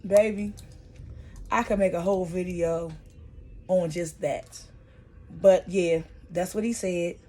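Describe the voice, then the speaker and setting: A woman casually recapping TV episodes for her vlog, chatty and slangy with plenty of profanity, her pace and loudness often shifting. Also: on the low side, fairly even intonation, slow pace, long pauses. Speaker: vlogger reviewing a TV series.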